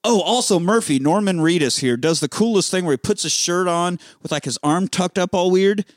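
A man's voice: high voice, fairly quick, no echo, clean studio sound. A man casually recapping a movie on a podcast, rambling and swearing as he acts out the scenes. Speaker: podcast co-host.

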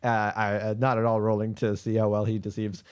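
A man with a fairly low voice guiding a tabletop game as its game master. He describes scenes in a loose, chatty way, stopping and restarting as he goes. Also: monotone, a little fast, smooth. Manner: casual, descriptive, with frequent fillers and restarts.

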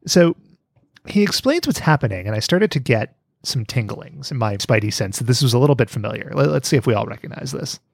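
A man hosting a podcast, recapping an episode in a joking, profane, animated way. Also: mid-range voice, a little fast, gravelly, dry recording, studio quality. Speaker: podcast host. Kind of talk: casual chat recapping an episode.

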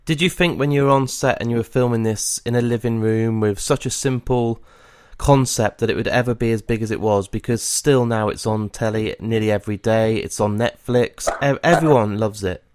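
A man's voice: medium pitch, normal speed, a little mellow, smooth, no echo. A man in his thirties interviewing a guest in an enthusiastic, fan-like way. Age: 30s. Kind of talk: casual interview chat.

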